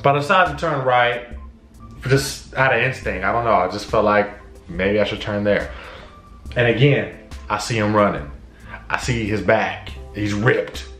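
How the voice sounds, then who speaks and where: A man casually telling a personal story to camera, acting out his own shouts and conversations. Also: fairly low pitch, normal speed, reverberant, faint music behind. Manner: animated, acts out his own shouts and dialogue. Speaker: vlogger.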